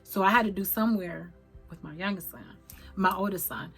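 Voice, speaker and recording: A middle-aged woman telling a personal story to her viewers, halting and emotional, with many fillers and restarts. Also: mid-range voice, slightly rough, soft background music. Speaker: vlogger.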